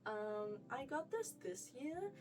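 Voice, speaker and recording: A woman's voice: sits high, big pitch swings, slow pace, far from the mic, rough recording. A young woman with a New Zealand accent giving a chatty, gushing wardrobe tour, full of "like" and "freaking". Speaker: fashion vlogger.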